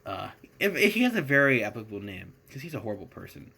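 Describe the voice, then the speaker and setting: A man's voice: fairly low pitch, very animated, fast talker, creaky, sharp tone, slightly rough. A man hosting his own podcast, giving a casual, rambling, opinionated monologue with a sarcastic edge and plenty of fillers. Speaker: podcast host.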